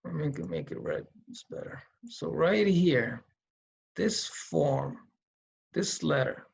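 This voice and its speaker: A man teaching Quran reading in a slow, step-by-step tutorial, patiently thinking aloud as he writes. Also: fairly high pitch, wildly swooping pitch, creaky, muffled recording.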